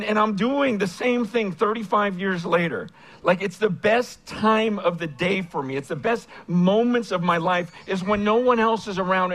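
A man in his fifties preaching a personal testimony on stage, earnest, with stammering restarts, swinging between hushed and fervent. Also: fairly high pitch, low-quality recording. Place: stage before a large audience.

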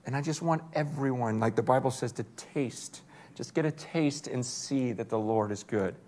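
A man preaching a sermon, telling stories with energy and swinging between hushed and excited moments. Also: medium pitch, moderate pace. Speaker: pastor.

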